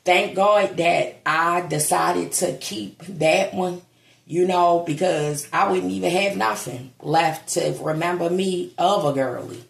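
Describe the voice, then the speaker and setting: In a casual vlog monologue, a woman in grief speaks slowly and heavily, her low, gravelly voice straining against tears. She's blunt and swears, and the echoey sound suggests a bare room at home.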